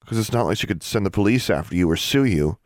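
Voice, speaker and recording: A man's voice: lowish voice, lively intonation, fast talker, no room sound, clean studio sound, pitched above the performer's own voice, natural voice. A man voicing Alexandra, an upset, defiant teenage girl student, in a lightly raised, tense voice in an audiobook. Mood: indignant.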